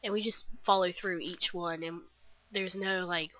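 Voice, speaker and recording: A woman's voice: on the low side, steady tone, unhurried, fairly bright tone, no room sound. A young woman chatting to camera in a scattered, rambling way, full of fillers and restarts. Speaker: vlogger. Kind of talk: rambling casual chat.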